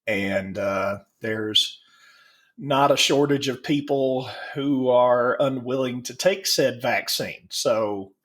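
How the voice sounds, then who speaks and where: A middle-aged man, a podcast co-host, speaking in a measured, blunt way in casual chat. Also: mid-range voice, a bit bright.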